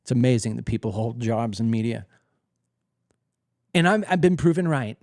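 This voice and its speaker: Heated guy host doing a monologue at his desk, dry close sound, jumps all over in pitch. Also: expressive, normal speed, darkish tone, no echo. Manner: emphatic, heated, acts out other people's reactions. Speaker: political commentary host. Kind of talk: opinionated monologue.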